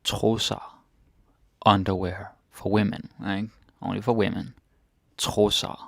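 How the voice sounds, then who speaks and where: A man teaching vocabulary, repeating each word slowly and adding "eh?" after his explanations. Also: fairly low pitch, level tone, gravelly, a bit bright, no room sound, clean studio sound. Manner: slow, repeats each word, tags phrases with "eh?" and "ikke?". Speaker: Danish language teacher. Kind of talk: language lesson, repeating words with translations.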